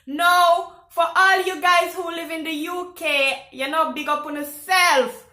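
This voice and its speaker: Casting: animated Caribbean woman in her thirties, high bright voice, echoey room, chatty vlogger telling stories. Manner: animated, exclaims loudly when retelling reactions. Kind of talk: casual storytelling to camera. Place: home in France.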